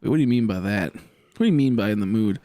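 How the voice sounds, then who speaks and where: A man's voice: lowish voice, animated, fast, dark tone, a little hiss or hum. A man in his twenties chatting casually on a game live stream, rambling and joking as he answers chat aloud. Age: 20s.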